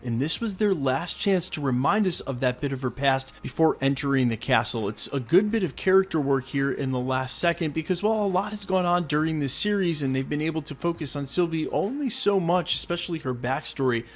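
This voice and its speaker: A man's voice: on the high side, expressive, brisk, hardly any pauses. A man hosting a fan recap and breakdown video, talking with energy and explaining details point by point. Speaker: host.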